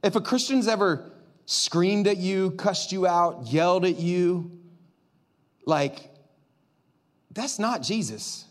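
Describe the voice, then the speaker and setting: Lively male pastor, sermon, high voice that leaps around, dramatic volume swings. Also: slow, long pauses.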